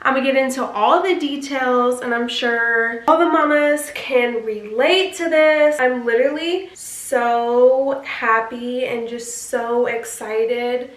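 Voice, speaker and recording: A woman vlogger chatting to camera in a bubbly, gushing way, easily getting emotional. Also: a little high. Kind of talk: casual chat to camera. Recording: roomy echo.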